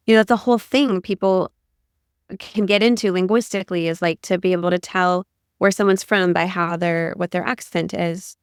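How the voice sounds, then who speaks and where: A middle-aged woman from Ohio talks in a chatty, rambling way, full of "like"s. Her voice is smooth and clear, recorded close and dry with no room sound. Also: on the low side, no room sound. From Ohio, USA. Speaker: podcast co-host. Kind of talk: casual conversation.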